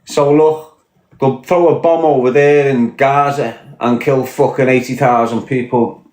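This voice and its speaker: A man's voice: mid-range voice, fairly even intonation, measured pace, darkish tone. A man with a Liverpool Scouse accent, ranting bluntly and profanely on a podcast. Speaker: podcast guest. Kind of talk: podcast rant. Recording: echoey room.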